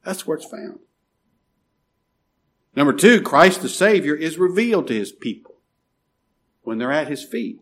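Guy preaching a sermon, reads scripture out, gets loud then real quiet. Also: fairly high pitch, sing-song, a little slow, long pauses. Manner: reads scripture aloud, swings from loud calls to quiet drops.

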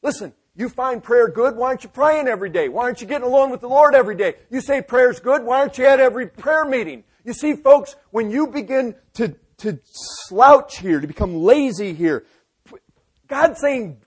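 A male preacher delivering a sermon in a fairly high, husky voice. He presses his points hard, repeating phrases and throwing questions at his congregation. His volume swings from near-quiet asides to forceful shouted emphasis. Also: lively intonation, normal speed. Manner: emphatic preaching with rhetorical questions and sudden loud bursts. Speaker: pastor.

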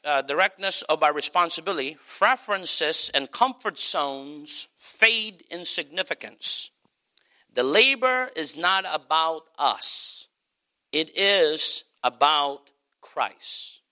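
A man's voice: medium pitch, pushed and bright. A middle-aged male pastor preaching a sermon, stressing points with emphatic repetition.

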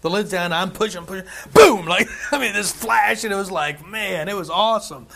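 Casting: male pastor with a fairly high voice, loose sermon delivery, repeats himself for emphasis. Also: a little fast, gravelly, pushed and bright. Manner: conversational, repeats phrases, tosses in "right?" and "amen".

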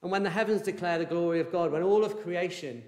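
A man preaching a sermon in an earnest, measured way, with fillers and restarts. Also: high-pitched, a little mellow, roomy sound.

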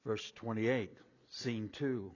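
A man preaching a sermon, reading scripture in a raised voice and dropping low and quiet to explain it. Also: steady tone, slow pace. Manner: rises loud and high when reading scripture, drops low and quiet when explaining. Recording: dull sound with long hall reverb.

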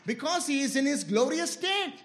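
With big pitch swings and normal speed, this man delivers a passionate sermon. He shifts between loud, high exclamations and quiet, low asides, repeatedly urging his listeners to listen carefully.

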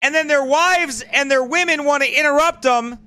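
A man's voice: extremely high pitch, moderate pace, pushed and bright. A male pastor preaching in a combative, mocking, emphatic way. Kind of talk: fiery preaching broadcast.

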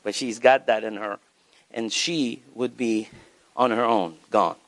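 A man preaching a sermon as pastor, animated, with wide swings in pitch for emphasis. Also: a little slow.

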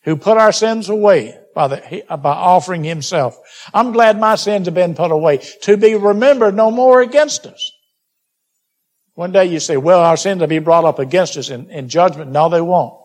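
High-voiced preacher man exhorting. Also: normal speed. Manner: exhorting, addresses listeners as beloved; reads scripture aloud in King James wording. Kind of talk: sermon.

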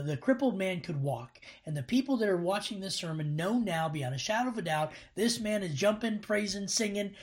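A man's voice: sits high, husky. A man giving a casual bible study commentary, earnest and rambling, with many restarts and fillers. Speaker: bible teacher. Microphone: laptop camera.

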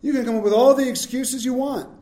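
A man pastor preaching a sermon, swinging between loud, emphatic lines and hushed, slow ones. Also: very high voice, fairly even intonation, reverberant.

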